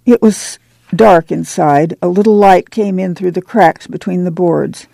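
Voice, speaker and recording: A woman narrating an audiobook in a steady reading voice. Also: on the low side, measured pace, vocal fry, dry recording.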